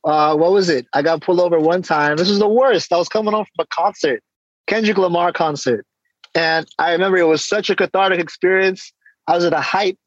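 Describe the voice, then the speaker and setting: Animated man telling stories, slightly high voice. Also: brisk, dry recording, lo-fi sound. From San Diego, California. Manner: animated storytelling, acts out exchanges. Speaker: guest, hip-hop artist and coach. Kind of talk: casual interview talk.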